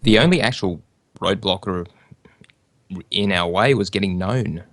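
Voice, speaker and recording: A man guesting on a podcast interview, talking in a measured, precise way about running his own show. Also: low voice, a bit bright, dry recording, clean studio sound. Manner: measured, precise, self-described control freak. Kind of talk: casual interview.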